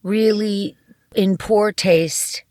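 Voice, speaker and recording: A woman comedian as a podcast guest, telling candid stories in lively, casual conversation. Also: mid-range voice, extremely slow, dry recording, clean studio sound. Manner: animated storyteller, candid. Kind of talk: casual interview chat.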